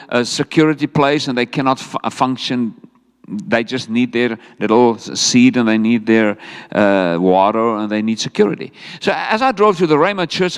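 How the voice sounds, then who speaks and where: A middle-aged South African man preaching a sermon, telling a story with animation and acting out quoted words. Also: medium pitch. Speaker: pastor. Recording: echoey hall sound.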